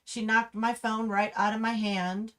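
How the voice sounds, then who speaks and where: A middle-aged woman, talking on a livestream in an impassioned, ranting way that rises to angry shouts. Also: a little high, little pitch movement, measured pace. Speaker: livestream host. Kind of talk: livestream commentary over slideshow.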